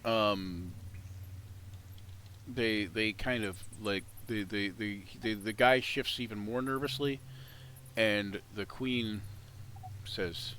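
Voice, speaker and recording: A man runs a tabletop game as game master, narrating in halting bursts full of restarts. His voice is a little low. Faint background noise runs under it. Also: fairly even intonation, pushed and bright.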